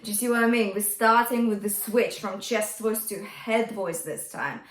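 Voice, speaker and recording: A woman's voice: mid-range voice, normal speed. A woman vocal coach teaching a singing lesson, often checking in with "okay?" as she explains technique. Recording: echoey room with faint music.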